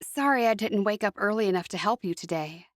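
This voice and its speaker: A woman's voice: medium pitch, fairly quick, dry recording, studio quality, natural voice. A woman voicing a touchy young Amish woman. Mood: peeved.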